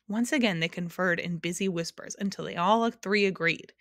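Lady reading a kids book aloud, gentle and even, very dry close sound. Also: on the low side, moderate pace, gravelly, few pauses, dry recording. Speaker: storyteller.

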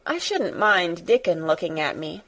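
A woman's voice: fairly low pitch, big pitch swings, moderate pace, fairly bright tone, heavily acted. Weak, hysterical invalid boy, pleading and breathless, storybook part, played by a female narrator.

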